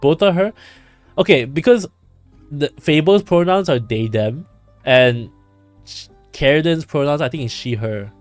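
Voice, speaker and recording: Male streamer, playful and quick to joke, lively ups and downs, close dry mic, faint game music underneath. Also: on the high side, no room sound. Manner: jokey, laughs and riffs while reading a game. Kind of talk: casual live-stream commentary.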